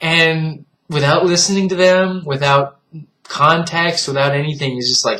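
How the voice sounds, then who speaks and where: A man's voice: on the high side, steady tone, a little slow, sharp tone. Earnest man lecturing his viewers. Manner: earnest and reflective, lecturing the viewer with frequent direct appeals; laughs at what he finds foolish. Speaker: vlogger. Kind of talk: casual vlog monologue.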